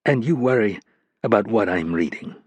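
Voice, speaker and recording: A tired, irritated male militant in an audiobook thriller, played by a man, reproachful rather than loud. The voice sits low and husky. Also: expressive, fast, no echo. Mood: weary.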